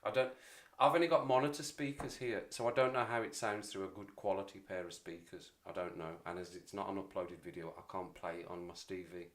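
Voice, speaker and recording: Man, 40s, livestream host, rambling, self-deprecating, lowish voice. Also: fairly even intonation, fairly quick, few pauses. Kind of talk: casual livestream chat.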